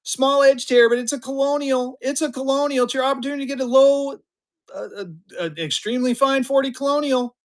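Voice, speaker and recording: A man's voice: very high voice, fairly even intonation, fairly quick. A man in his fifties running a live-stream auction, with chatty, upbeat patter that hypes the bids. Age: 50s.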